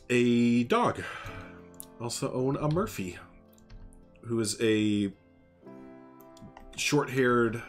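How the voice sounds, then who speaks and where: A man's voice: medium pitch, fairly bright tone. A young man chatting casually on a game live stream, laughing often and answering viewers.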